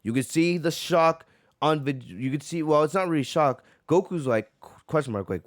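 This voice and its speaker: A man's voice: fairly high pitch, animated, normal speed, no echo, clean studio sound. A man hosting a manga reaction, talking eagerly and often checking in with "right?". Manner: eager, keeps asking "right?". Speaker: host.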